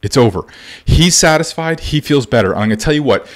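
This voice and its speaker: A man's voice: medium pitch, expressive, brisk. Man, baseball coach, emphatic, blunt, repetitive, parenting advice to dads. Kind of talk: direct-to-camera parenting advice.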